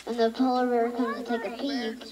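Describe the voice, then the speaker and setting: A woman with a Texan accent telling jokes deadpan at a family gathering, recorded on a home video from far off in a crowded room. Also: a little high, fast talker, long reverb tail, crowd noise. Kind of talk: casual joke telling at a family party.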